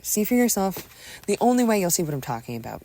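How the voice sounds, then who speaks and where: A woman's voice: mid-range voice, very animated, fast talker, warm tone, voice pushed up. A woman voicing a rattled young man who stammers and hedges in a narrated audio story. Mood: awkward. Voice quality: stammering, hesitant.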